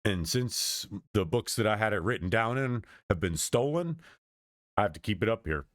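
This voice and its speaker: A man in his thirties talks in a loose, wandering monologue, circling back on his own sentences. His voice sits low, and the close mic sounds dry with no room around it. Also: lively intonation, normal speed, a bit bright, no room sound. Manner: meandering, with frequent restarts and trailing off. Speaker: streamer. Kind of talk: casual rambling monologue.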